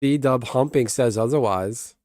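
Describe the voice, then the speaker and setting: A man's voice: mid-range voice, unhurried, a little mellow, no echo, clean studio sound. A young man streaming from home, rambling bluntly in casual chatter and swearing freely.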